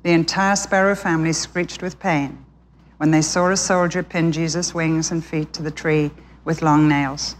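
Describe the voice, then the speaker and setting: Expressive woman Bible teacher telling a story. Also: deep voice, normal speed, slight background noise. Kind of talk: sermon told as a children's story.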